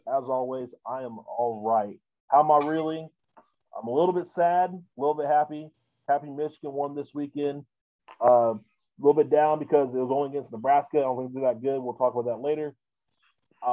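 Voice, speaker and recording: A man's voice: mid-range voice, dry recording, highs cut off. Rambling man hosting a casual podcast. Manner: rambling, many fillers and restarts. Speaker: podcast host.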